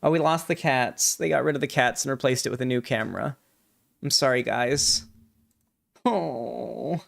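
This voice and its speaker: A man's voice: medium pitch, moderate pace, creaky, fairly bright tone. A man hosting a casual livestream, chatting and reading donations in a rambling way with many fillers. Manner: rambling, full of fillers and restarts. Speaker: livestream host. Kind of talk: casual live chat.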